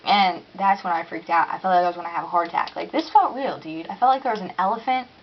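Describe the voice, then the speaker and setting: A young woman tells a story in a casual vlog at home, animated and chatty, peppering her speech with "like" and "dude" and acting out her own panic. Her voice is on the low side and she talks fast. The audio is dull, with a little hiss or hum.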